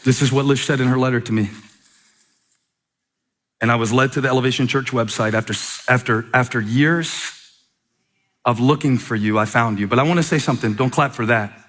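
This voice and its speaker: A man preaches to a church from the stage with a middle-pitched voice. He reads a letter aloud, stretching the pauses and building through repetition. His delivery stays steady and earnest as he carries the sermon. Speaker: pastor. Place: church sanctuary.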